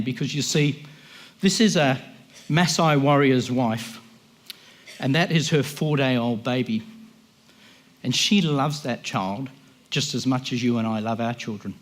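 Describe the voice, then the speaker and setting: Man preaching an impassioned sermon. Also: medium pitch. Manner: impassioned, emphatic preaching with quoted voices. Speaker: guest speaker.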